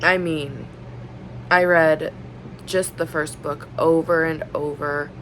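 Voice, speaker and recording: A woman's voice: sits low, steady tone, slow, a bit bright, a little hiss or hum, rough recording. A woman in her thirties chatting casually on her book vlog, rambling earnestly with lots of "like" and "um". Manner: rambling, filler-heavy, with many likes and ums; earnest and openly emotional. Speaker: book vlogger.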